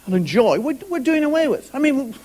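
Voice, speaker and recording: A middle-aged Irish man doing a wry, rambling stand-up monologue on a TV studio stage, mimicking voices and now and then shouting. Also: extremely high pitch, big pitch swings, fairly quick. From Ireland. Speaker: stand-up comedian. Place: television studio with audience. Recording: broadcast studio with audience laughter and noise. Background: studio audience laughter.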